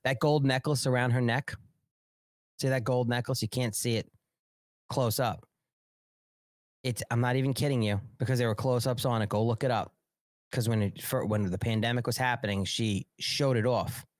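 A man's voice: medium pitch, steady tone, moderate pace, long pauses, dry recording, studio quality. A man hosting a live political talk show, ranting angrily with heavy profanity. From New York. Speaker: host.

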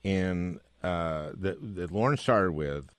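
A man hosting an interview podcast, speaking in halting restarts and prompting his guest. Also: low-pitched, smooth, no echo. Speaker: podcast host. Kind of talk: casual interview chat.

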